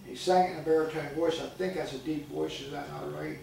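Older man, preacher, gravelly voice, folksy sermon, distant mic, booming church echo. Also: fairly even intonation, fast talker, darkish tone, slight background noise. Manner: folksy storytelling with call-outs to the congregation. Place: church sanctuary. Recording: echoey church recording from far off.

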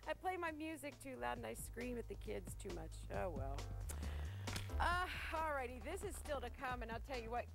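A woman hosting a live TV shopping show, chatting warmly with callers and gushing over jewelry while laughing often. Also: a little high, vocal fry, poor audio. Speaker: shopping channel host. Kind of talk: live TV sales presentation. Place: TV studio.

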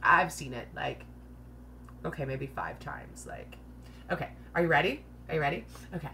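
A woman's voice: low voice, lively intonation, normal speed, gravelly, bright, forceful tone, a little hiss or hum. Woman, casual live-stream host, joking, laughs often, lots of 'like', chatty. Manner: filler-heavy, says 'like' constantly.

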